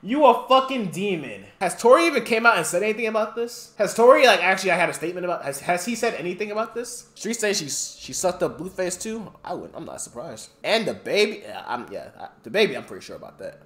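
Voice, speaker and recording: A streamer reacts live, swinging his pitch wildly as he rants and swears at what he reads. His voice carries a noticeable echo, as if the room is bare. He keeps turning to address his chat directly. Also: fast, hardly any pauses. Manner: animated profane ranting, talks to chat. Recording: roomy echo.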